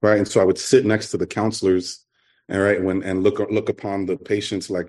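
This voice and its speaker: Middle-aged man, New York accent, earnest halting testimony at a recovery meeting, lowish voice. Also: flat delivery, a little mellow. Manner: earnest, halting, repeats himself. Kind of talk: personal testimony talk.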